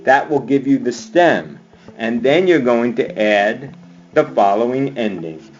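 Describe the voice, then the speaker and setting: A man's voice: mid-range voice, expressive, measured pace, highs cut off, soft background music. A male Spanish teacher giving a screen-recorded grammar lesson, upbeat and chanting verb endings like a cheer. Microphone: computer mic on screencast.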